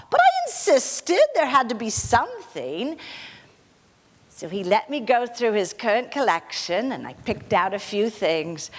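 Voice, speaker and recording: A gracious aging film actress, played by a woman on stage, telling her memories softly and modestly with a bright, higher voice that swoops lively up and down. She takes her time, unhurried and gentle. The voice rings out with the long reverb of a hall. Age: 60s. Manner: soft, gracious storytelling with frequent light laughter. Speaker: actor in a one-woman portrayal. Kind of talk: theatrical monologue.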